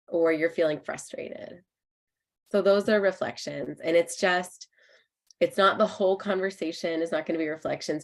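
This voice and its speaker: A woman in her thirties leads an online workshop, explaining each idea patiently and warmly. Her voice sits low, and she fills pauses with soft ums as she speaks over a video call. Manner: friendly, explanatory, frequent ums. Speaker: clinical psychologist presenting a workshop.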